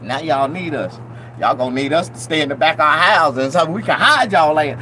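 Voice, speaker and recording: A middle-aged vlogger from Mississippi with a Southern accent rambles loosely and profanely to his viewers, animated and tossing in mock-preaching asides. His voice is a little high and fairly quick, with background noise.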